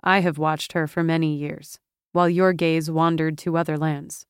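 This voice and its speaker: A woman's voice: deep voice, little pitch movement, moderate pace, clear, resonant tone, no echo, clean studio sound. A woman voicing a stern, commanding male sea god in an audiobook.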